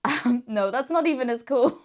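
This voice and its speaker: A woman's voice: high voice, measured pace. Giggly, gushing young woman. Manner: enthusiastic, giggles often between sentences. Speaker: book reviewer. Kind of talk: casual chat.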